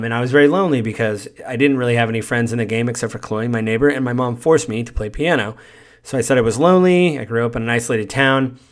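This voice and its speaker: A man hosts a podcast and talks through a game's story in a relaxed, rambling recap. He fills gaps with ums and loosely paraphrases what the characters say. His voice sits at an ordinary middle pitch for a man. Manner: rambling, lots of fillers and paraphrased quotes. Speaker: podcast host. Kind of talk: casual spoiler recap.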